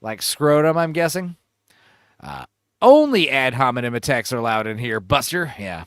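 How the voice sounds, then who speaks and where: A man's voice: mid-range voice, very animated, normal speed, clean tone, dry recording, studio quality. A man hosting a livestream, telling crude, rambling stories in casual chat. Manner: crude, rambling, joking storyteller. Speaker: livestream host.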